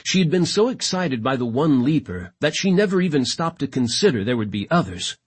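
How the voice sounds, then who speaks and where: A man narrating a science fiction audiobook in a dramatic, expressive reading style. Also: mid-range voice, fairly quick, breathy edge.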